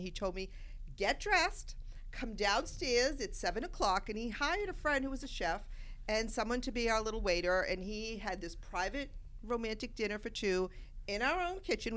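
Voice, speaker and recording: A middle-aged woman, a guest chatting casually on a podcast and telling stories with plenty of laughter. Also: mid-range voice. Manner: animated, storytelling, laughs often. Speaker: guest romance expert.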